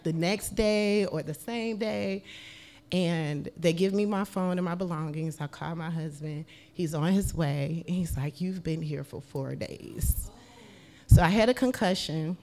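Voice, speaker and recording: A woman from the United States telling a personal story on a podcast, animated, swearing freely and laughing as she goes. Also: medium pitch. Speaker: podcast guest. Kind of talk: casual storytelling.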